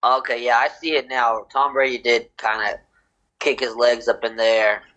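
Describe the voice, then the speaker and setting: A man's voice: medium pitch, flat delivery, moderate pace, sharp tone, highs cut off. A man co-hosting a casual sports podcast, joking and mocking as he talks. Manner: joking, mocking, acts out quotes. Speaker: podcast co-host.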